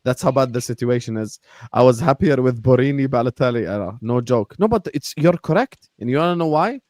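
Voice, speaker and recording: A man hosting a live football talk stream, animated and laughing as he shouts out viewers by name. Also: mid-range voice, fairly quick, no echo. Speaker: host.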